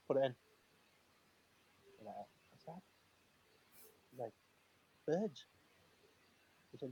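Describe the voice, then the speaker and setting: A man tells lively stories over a video call. He keeps the delivery animated, acts out other people's lines as he goes, and laughs often. His pitch sits in a middle range. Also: rough recording. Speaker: former professional footballer, guest. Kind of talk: casual storytelling.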